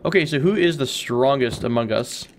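A man talking through his game session in a loose, easygoing way. He rambles and thinks aloud, with asides as he goes, in a voice of middling pitch. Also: animated, normal speed, background noise. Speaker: let's play host. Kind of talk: casual gameplay commentary.

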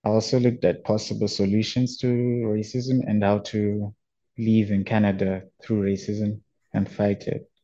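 A young man from Zimbabwe giving a student presentation on a webinar, explaining in a plain, slightly halting way. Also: on the low side, flat delivery, dark tone. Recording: dull lo-fi audio.

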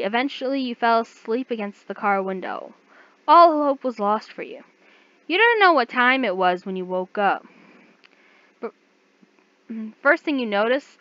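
A woman reads a fan fiction story aloud in a casual, offhand way and stumbles over words now and then. She sits close to a dry mic, and the recording sounds dull and low-fi. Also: bright, forceful tone, no room sound. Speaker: reader.

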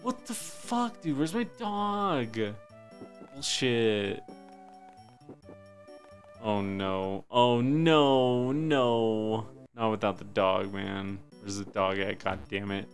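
A man streaming a game live, cursing and talking to himself, swinging between loud high yelps and low muttering. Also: lively intonation, extremely slow, soft background music. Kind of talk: live gameplay commentary.

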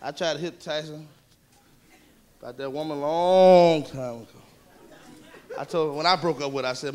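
A man's voice: on the high side, moderate pace, pauses often. A man performing a live stand-up routine, telling rowdy, profane stories and mocking people in put-on voices. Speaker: stand-up comedian. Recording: live club recording with audience. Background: audience laughter and room noise.

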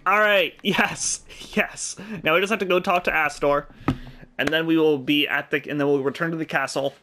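Young male let's-play host, excitable, jokey, bright sound. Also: medium pitch, slight background noise. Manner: excitable, jokey, swears freely. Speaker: gaming channel host. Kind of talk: casual let's-play commentary.

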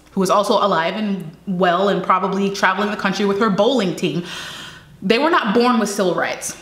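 A woman's voice: mid-range voice, fairly bright tone. A young woman giving impassioned personal commentary, emphatic, repeating phrases for weight and firing off rhetorical questions. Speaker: commentary channel host. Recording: echoey room.

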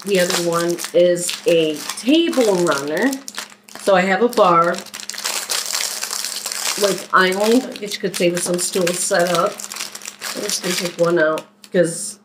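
A woman's voice: on the low side, background noise. A woman from Philadelphia chatting casually through a shopping haul, unpacking items as she goes. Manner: chatty, unhurried, talks while unpacking items. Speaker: vlogger doing a shopping haul. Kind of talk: casual haul video chat.

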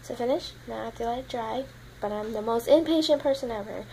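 A woman's voice: on the high side, quick pace, gravelly, mellow, slight background noise, poor audio. A young woman vlogging in a rambling, casual chat to camera, swearing constantly and sounding tired. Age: young adult.

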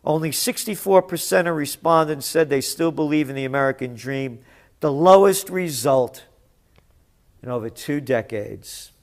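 Sarcastic, high-voiced man ranting about the news. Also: moderate pace. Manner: mocking, indignant, swings between mutters and shouts. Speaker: news commentator.

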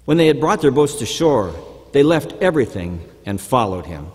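A man reads a scripture passage aloud during a church service, with a measured and formal delivery at a mid-range pitch. His voice rings with the long reverb of the sanctuary. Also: sing-song, darkish tone. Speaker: scripture reader. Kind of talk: liturgical scripture reading.

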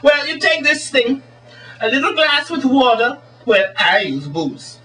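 A man putting on a high, excitable voice as a crude, goofy Swedish stage magician. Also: measured pace, far from the mic, a little hiss or hum, full character voice, low-quality recording. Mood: showy, crude.

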